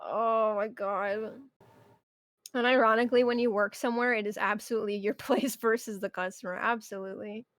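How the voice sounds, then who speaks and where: A woman's voice: a little high, steady tone, quick pace, few pauses, fairly bright tone, no room sound. A young woman streamer chatting casually and ranting about her job, swearing often and breaking into mock outbursts. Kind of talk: casual chat.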